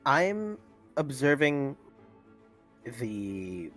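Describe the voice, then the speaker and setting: A man's voice: medium pitch, big pitch swings, drawn-out words, fairly bright tone, soft background music. A man playing a tabletop role-playing game, talking in a hesitant, chatty way. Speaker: player. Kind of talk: casual tabletop play.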